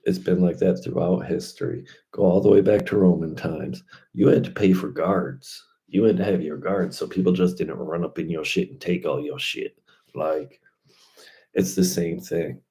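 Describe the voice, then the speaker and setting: A man's voice: low-pitched, fairly even intonation, normal speed, mellow. A man talking casually and loosely in slangy speech, drifting from point to point in a vlog monologue. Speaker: crypto vlogger.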